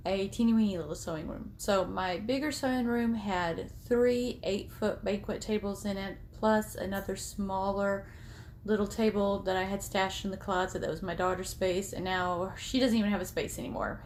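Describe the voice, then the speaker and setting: This is a woman in her thirties or forties giving a rambling, self-deprecating phone tour of her little home sewing room for her sewing vlog, the phone at arm's length. Her voice is medium-pitched, a little mellow and fairly even, at normal speed, with slight background noise.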